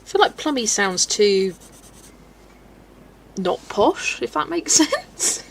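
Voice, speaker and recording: A woman's voice: a little high, big pitch swings, slow, vocal fry, pauses often, a bit bright, husky, poor audio. A woman from the UK streaming live at home, chatty and giggly, reading viewer comments aloud as she chats. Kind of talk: casual live-stream chat.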